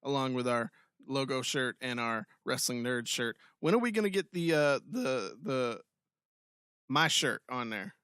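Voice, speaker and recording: A man co-hosting a podcast in casual banter, upbeat as he plugs merch and gives listener shout-outs. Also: mid-range voice, animated, unhurried, smooth, no room sound, studio quality. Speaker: podcast co-host.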